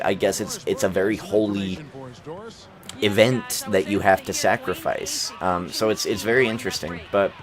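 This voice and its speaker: A young man hosting a gaming video, chatting casually and rambling with lots of fillers and restarts. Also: lowish voice. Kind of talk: casual chat over gameplay. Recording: crowd noise from the game behind. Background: basketball game crowd.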